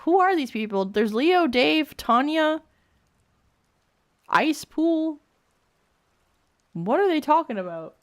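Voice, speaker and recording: A woman's voice: high-pitched, very animated, slow, long pauses. A woman streamer reading bad fanfic aloud, with giggly, incredulous comedic asides.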